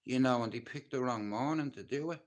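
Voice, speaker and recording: A man's voice: mid-range voice, fairly quick. Blunt, cursing man with a Dublin accent. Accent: Dublin Irish. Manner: blunt, heavy swearing, intense and emotional. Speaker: livestream host telling his life story. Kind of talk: casual storytelling monologue.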